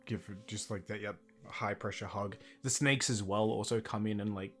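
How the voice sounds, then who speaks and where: A man with a fairly low voice playing in a tabletop game. He rambles through his descriptions, packing every phrase with fillers. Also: fairly even intonation, normal speed, soft background music. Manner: rambling, says "like" constantly. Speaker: player. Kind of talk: casual tabletop game play.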